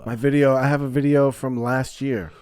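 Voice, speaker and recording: A man's voice: mid-range voice, flat delivery, normal speed, darkish tone, smooth, dry recording, studio quality. A man, a stand-up comedian, chatting as a podcast guest in a laid-back, profane way, recorded in a basement. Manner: laid-back, swears a lot, says "bro". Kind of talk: casual podcast chat. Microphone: podcast mic held low.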